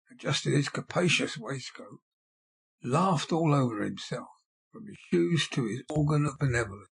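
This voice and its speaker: A man narrating an audiobook in a measured, expressive storytelling manner. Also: mid-range voice, creaky, breathy edge.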